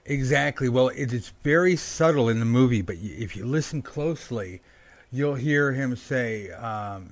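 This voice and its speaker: A man's voice: mid-range voice, moderate pace. A man co-hosting a casual podcast chat about a film, acting out characters' lines as he tells the story. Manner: animated, acts out characters' lines. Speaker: podcast co-host.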